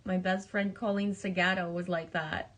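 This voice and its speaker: A woman's voice: lowish voice, little pitch movement, moderate pace, a bit bright. A woman live streamer chatting casually, laughing often as she greets viewers and pulls oracle cards.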